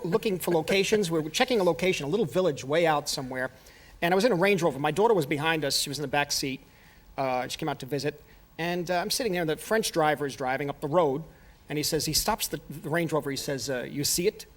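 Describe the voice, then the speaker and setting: A man telling animated stories as a talk show guest, laughing often. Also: on the high side. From New York. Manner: rapid, animated, laughing storyteller. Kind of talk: anecdotal storytelling. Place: television studio.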